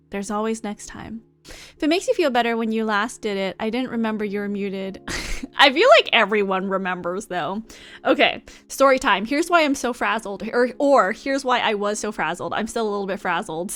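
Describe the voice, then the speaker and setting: A woman live streamer chatting casually with her viewers in a bubbly, rambling way, thanking people in chat. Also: fairly high pitch.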